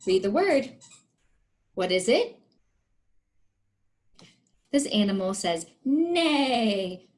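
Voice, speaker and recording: A woman's voice: mid-range voice, big pitch swings, slow, long pauses, a little mellow. A woman teacher demonstrating a picture-card lesson for young students, talking in a sing-song way and making animal sounds.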